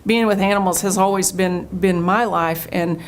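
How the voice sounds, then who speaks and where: A middle-aged woman from Oklahoma, a state official answering interview questions in an earnest, storytelling way that turns animated when she quotes people. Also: fairly low pitch, normal speed, a little hiss or hum.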